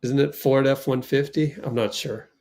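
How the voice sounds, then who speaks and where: A man hosting a fan watch party stream, giving casual play-by-play, reacting loudly to plays and reading the chat aloud. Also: mid-range voice, steady tone, normal speed.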